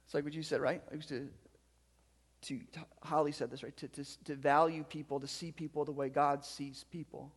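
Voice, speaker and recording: A man's voice: fairly high pitch, flat delivery, normal speed, slightly rough. A man preaching a sermon, reading scripture and then explaining it with emphatic, repeated phrases. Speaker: pastor. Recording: long hall reverb.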